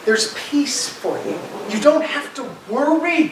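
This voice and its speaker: A man preaching a sermon as pastor, urging his listeners emphatically and swinging between loud pleading and quiet assurance. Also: very high-pitched, slow, noisy background. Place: church sanctuary. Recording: echoey church from far off.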